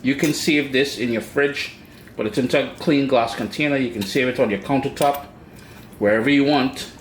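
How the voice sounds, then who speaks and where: A man's voice: mid-range voice, moderate pace, slight background noise. Chatty Caribbean man in echoey kitchen. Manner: chatty, playful asides to viewers. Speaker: cooking show host. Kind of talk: cooking demonstration. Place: home kitchen. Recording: echoey kitchen with utensil clatter. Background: clinking dishes and cutlery.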